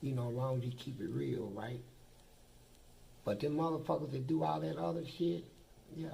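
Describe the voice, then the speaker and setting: A man's voice: medium pitch, fairly even intonation, normal speed, gravelly, warm tone, poor audio. An older man, a former prisoner, telling blunt, profane stories in a documentary interview. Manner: blunt, profane, boastful storytelling.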